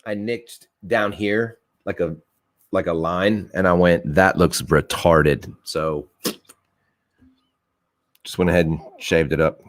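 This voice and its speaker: A man's voice: sits low, steady tone, slow, pauses often, no echo. A man hosting a casual livestream on a headset mic, rambling loosely, laughing often and swearing casually. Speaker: livestream host.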